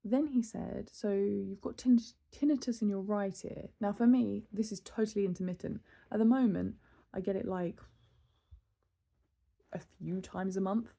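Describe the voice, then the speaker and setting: A woman's voice: medium pitch, moderate pace, gravelly. A woman in her thirties, from the UK, venting in a casual, exasperated monologue. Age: 30s. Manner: exasperated, animated storytelling with laughs and sighs. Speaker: vlogger.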